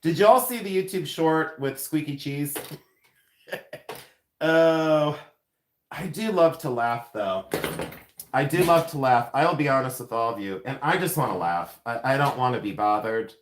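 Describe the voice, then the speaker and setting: A man's voice: mid-range voice, animated, unhurried, slight background noise. A man working as a silversmith, chatting playfully with his livestream audience and laughing often as he demonstrates in his jewelry studio. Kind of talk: livestream demo with chat.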